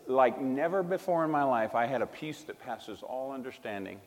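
A man preaching a personal testimony in sermon style, emphatic and swinging between loud bursts and hushed tones. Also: mid-range voice, animated, moderate pace, in a large hall. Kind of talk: sermon storytelling.

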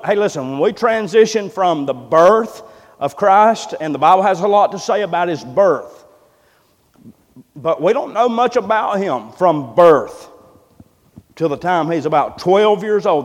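A male preacher with a high voice delivers a fervent sermon. He repeats phrases and builds them to loud exclamations. The sound rings with the long reverb of a church hall.

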